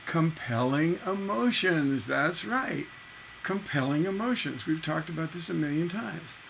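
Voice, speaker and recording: A man with a bright, somewhat high voice teaches songwriting in a loose, chatty livestream. He repeats himself, and he sings out syllables to mark a line's rhythm. A faint hum sits under the voice. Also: expressive, unhurried, creaky, poor audio. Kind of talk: casual livestream lesson.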